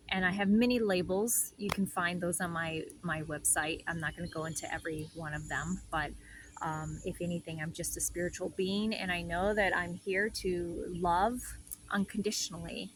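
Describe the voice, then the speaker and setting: A woman hosting a reflective inspirational talk as a spiritual healer, soft, meandering and heartfelt. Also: fairly low pitch, steady tone, normal speed, slight background noise, rough recording.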